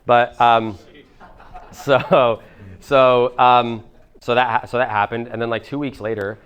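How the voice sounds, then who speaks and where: A man's voice: medium pitch, little pitch movement, takes it slowly, fairly bright tone, clear, resonant tone. A man in his twenties telling a story at a seminar, casual and rambling, swearing now and then. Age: 20s. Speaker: motivational speaker.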